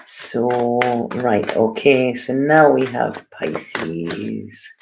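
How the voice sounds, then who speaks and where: A woman giving a casual tarot reading, talking in an unhurried way and often checking in with "you know" and "okay". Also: extremely low pitch, creaky, noisy background. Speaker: tarot reader.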